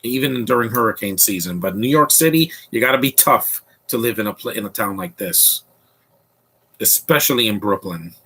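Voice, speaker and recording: A man's voice: on the low side, animated, moderate pace, pushed and bright, slightly rough. A man hosting a casual movie commentary podcast, talking in an opinionated, rambling way with frequent restarts.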